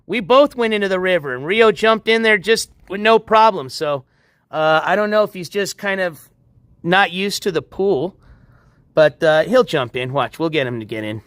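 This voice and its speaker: A man with a high voice chats loosely to his livestream viewers from beside a backyard pool at night. He rambles in an easygoing way and chuckles often. The sound is dry and close, picked up on a handheld phone. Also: animated, normal speed, fairly bright tone, clean tone, no room sound. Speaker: livestream host. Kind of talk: casual livestream chat.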